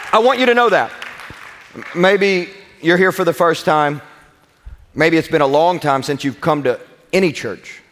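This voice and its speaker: A young man with a Kentucky accent preaches a sermon in a large church, his voice sitting noticeably high. He stretches key words slowly and draws the congregation into call-and-response. The sound carries a long reverb from the big auditorium. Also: a bit bright. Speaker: pastor.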